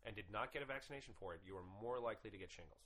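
A man's voice: on the low side, racing, poor audio. A man hosting a podcast, talking casually with lots of swearing and rants. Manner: animated, profane, ranting. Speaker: podcast host.

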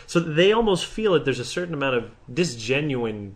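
A man's voice: medium pitch, big pitch swings, a little fast, hardly any pauses. A man co-hosting a podcast in casual chat, rambling and profane, restarting sentences often. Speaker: podcast co-host.

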